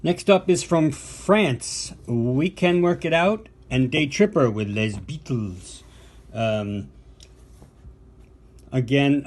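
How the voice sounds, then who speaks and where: A man's voice: mid-range voice, darkish tone, a little hiss or hum. An older American man, a podcast co-host and vinyl collector, talking casually and enthusiastically through a box of records with fillers and asides. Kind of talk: casual unboxing show-and-tell.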